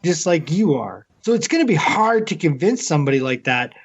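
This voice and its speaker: A Canadian man co-hosting a podcast rants in casual talk, animated and swearing constantly. His voice is fairly high, fairly quick, and slightly rough, and the lo-fi audio sounds slightly muffled.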